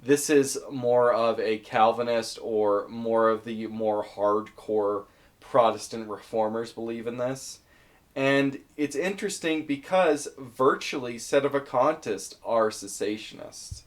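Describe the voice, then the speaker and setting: Man, mid pitch, casual explainer, conversational, thinks aloud, hedges and fillers. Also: unhurried. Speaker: video essayist. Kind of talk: explaining topics from a list in casual commentary.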